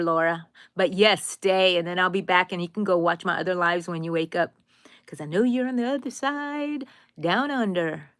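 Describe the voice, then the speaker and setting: A middle-aged woman with a drawl chats through a crochet live stream. Her talk is rambling and homey, and she greets her viewers one by one. Her pitch sits in the middle for a woman, and she turns soft and sentimental easily. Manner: tender and sentimental. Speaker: crochet channel host. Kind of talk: casual live-stream chat while crocheting.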